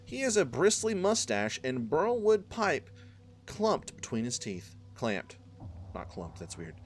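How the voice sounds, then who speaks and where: A man's voice: mid-range voice, wildly swooping pitch, takes it slowly, slight background noise. A man commenting on a playthrough in a profane, joking way as the gaming host. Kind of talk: let's play commentary.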